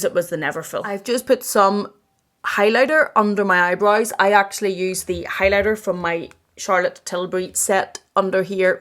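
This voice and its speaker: A woman in her thirties chatting through a get-ready-with-me Q&A at home, sounding tired, talking in an emphatic way and repeating points for stress. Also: medium pitch. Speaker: fashion and bag YouTuber.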